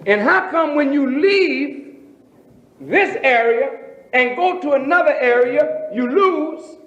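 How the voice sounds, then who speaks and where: A man preaching as a minister, emphatic, with rhetorical questions and drawn-out phrasing. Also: very high-pitched, lively intonation, fairly bright tone. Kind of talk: sermon. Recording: roomy, dull lo-fi recording.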